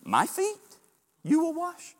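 Brief: man acting out a stubborn male disciple, high, insistent, loud protest. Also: wildly swooping pitch, takes it slowly, in a large hall, exaggerated voice. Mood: incredulous. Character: impetuous male disciple, emphatic and incredulous.

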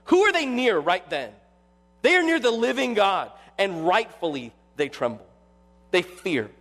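Male pastor, sermon, lively preaching, high-pitched, long hall reverb. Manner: animated preaching, acts out quoted voices.

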